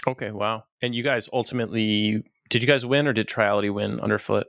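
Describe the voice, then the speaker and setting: A man hosting a podcast, asking quick, loose questions with casual swearing. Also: lowish voice, fairly even intonation, vocal fry, a bit bright, no echo, clean studio sound. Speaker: podcast host. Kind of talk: casual interview.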